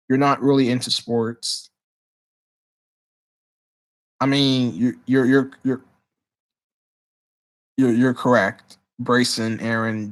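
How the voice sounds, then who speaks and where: A man hosting a casual livestream Q&A, reading chat questions aloud and answering in an excitable way, often repeating words as he restarts his sentences. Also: medium pitch. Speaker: livestream host.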